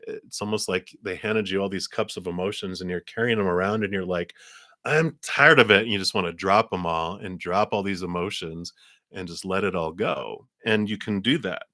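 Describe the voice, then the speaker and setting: A very deep-voiced man gives a live tarot reading, his tone bright and forceful. He rambles through long, winding explanations full of fillers. The sound is close and dry. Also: steady tone, a little fast, no echo. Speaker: tarot reader.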